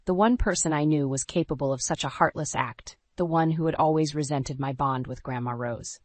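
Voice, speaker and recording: A woman narrating a scripted first-person story in a dramatic, even storytelling voice. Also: sits low, a little fast.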